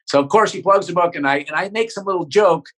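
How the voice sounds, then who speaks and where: A man, a comedian guest, telling a profane story in a podcast interview, often tagging sentences with "right?". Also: high-pitched. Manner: rapid, profane, keeps checking in with "right?".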